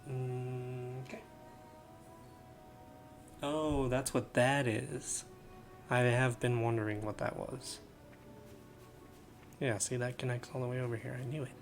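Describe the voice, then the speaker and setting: A man's voice: mid-range voice, level tone, slow, pauses often, faint music behind. A man casually commenting while streaming a game, chatty and joking with his chat.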